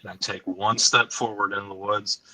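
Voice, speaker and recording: A man telling a woodland encounter story on a podcast, halting and full of fillers, sometimes choked up and dropping quiet. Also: on the low side, flat delivery, dry recording, low-quality recording. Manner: halting, frequent "like" fillers, drops to quiet asides.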